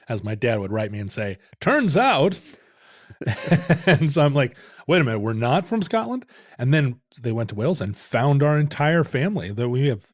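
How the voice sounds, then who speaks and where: A man's voice: medium pitch, a little mellow, no room sound. Middle-aged man, podcast co-host, rambling, restarts a lot, dry close sound. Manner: rambling storyteller, self-interrupting. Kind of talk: casual chat.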